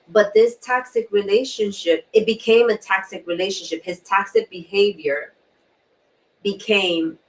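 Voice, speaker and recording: A woman hosting a talk show, sharing a personal story in an earnest way, repeating key words and often clearing her throat. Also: mid-range voice, slow. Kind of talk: personal testimony in a panel talk. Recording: distant mic.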